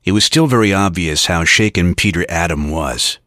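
A man narrating a novel in a steady, even storytelling manner. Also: low voice, normal speed, dry recording, studio quality. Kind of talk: scripted audiobook narration.

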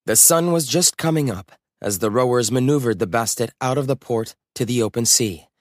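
A man reading a children's adventure story aloud in a calm, even storytelling manner. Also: mid-range voice, moderate pace, no room sound, studio quality. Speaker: narrator. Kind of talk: storybook narration.

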